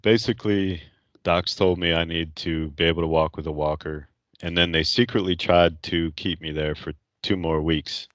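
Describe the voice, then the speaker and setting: A man with a notably low voice talks through his own story as a podcast guest. He is candid and blunt and curses without hesitation. The sound is dry, with no room echo. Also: steady tone, normal speed. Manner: candid, blunt, swears freely, laughs while telling stories. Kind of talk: casual interview storytelling.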